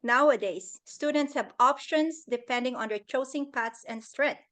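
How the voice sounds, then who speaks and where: A woman's voice: high voice, moderate pace, a bit bright. A middle-aged woman giving an earnest, emotional talk about leadership over a video call. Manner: earnest, emotional, acts out quoted voices. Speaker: guest speaker. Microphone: computer on a video call.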